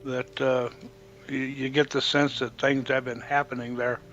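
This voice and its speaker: A man's voice: mid-range voice, flat delivery, unhurried, fairly bright tone, dull audio, faint music behind. A man co-hosting a livestream, chiming in with short remarks and questions. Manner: chimes in briefly with remarks and questions. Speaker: livestream co-host. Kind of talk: casual chat.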